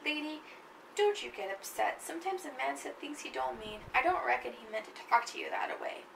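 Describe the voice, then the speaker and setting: Woman reading as a quiet polite Southern killer. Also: sits high, expressive, a little fast, gravelly, a little hiss or hum, voice pushed up, full character voice. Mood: calm polite menace. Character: soft-spoken Southern male escaped killer. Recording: echoey room, mic at a distance.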